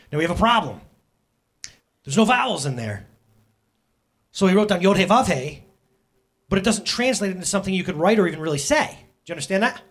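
A man's voice: fairly high pitch, a bit bright, husky. A man preaching a casual sermon in church, joking and addressing the congregation directly. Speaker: pastor. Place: church sanctuary.

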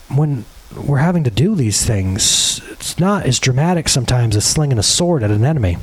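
A man in his thirties giving a sermon as a pastor, earnest and full of rhetorical questions. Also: fairly high pitch.

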